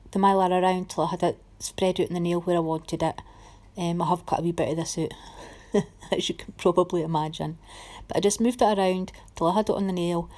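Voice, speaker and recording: Chatty woman, low voice. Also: a little mellow. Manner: chatty, homely, self-critical. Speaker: nail art channel host. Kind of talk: voice-over tutorial narration.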